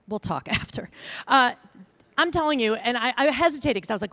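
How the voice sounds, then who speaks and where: Woman on stage doing a keynote, super animated pitch, jokey, dry close sound. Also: normal speed, no echo. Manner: animated, self-deprecating, mimics voices. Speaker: conference speaker. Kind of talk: keynote talk.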